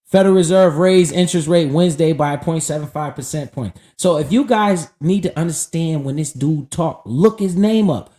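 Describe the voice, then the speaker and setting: A man's voice: a little high, normal speed, hardly any pauses, mellow. Hyped, profane man talking stocks. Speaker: stock investing streamer. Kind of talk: casual live-stream talk.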